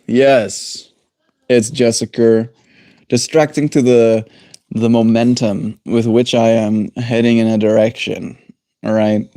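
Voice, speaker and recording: A man hosting a daily livestream, chatting in a relaxed, rambling way and chuckling to himself. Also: on the low side, dry recording, studio quality. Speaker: livestream host. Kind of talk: casual chat.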